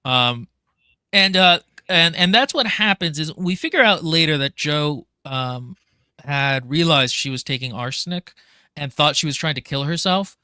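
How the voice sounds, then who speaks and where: Man, podcast co-host, casual book talk, rather high pitch, chatty with fillers. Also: lively intonation, unhurried, sharp tone, smooth, no echo, studio quality.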